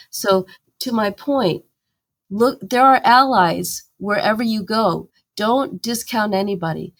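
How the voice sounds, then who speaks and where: A woman's voice: mid-range voice, vocal fry. A woman campaigner, a guest in a podcast interview, telling her story earnestly and with animation, with fillers and restarts.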